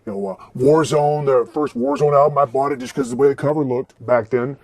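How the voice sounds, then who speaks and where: A man's voice: medium pitch, fairly even intonation, fast talker, darkish tone. A man in his forties telling rambling, profane stories about record stores in a casual way. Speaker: vlogger and record collector. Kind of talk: casual storytelling.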